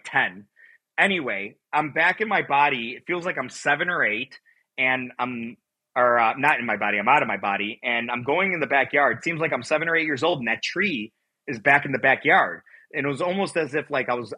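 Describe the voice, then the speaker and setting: A man from Buffalo, New York, telling a personal story as a guest, lively and quick to act out voices and shouts. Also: medium pitch, slightly rough, low-quality recording. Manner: animated storyteller, acts out his own shouts and quotes.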